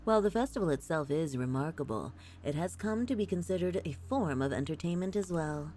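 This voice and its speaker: A woman's voice: low voice, expressive, a little fast, dark tone, a little hiss or hum, low-quality recording. Woman reading as an intrigued researcher. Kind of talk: read-aloud document in a game dub.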